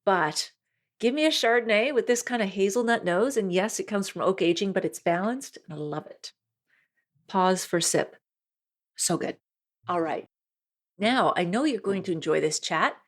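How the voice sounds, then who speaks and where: A woman's voice: medium pitch, lively intonation, normal speed. A woman hosting a wine podcast in a chatty, enthusiastic solo monologue, laughing often.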